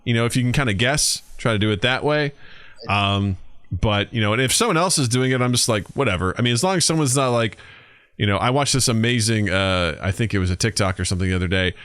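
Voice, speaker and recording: Animated joking man, podcast host. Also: lowish voice, quick pace, clear, resonant tone, dry recording, studio quality. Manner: animated, joking, acts out stories in voices. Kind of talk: casual chat.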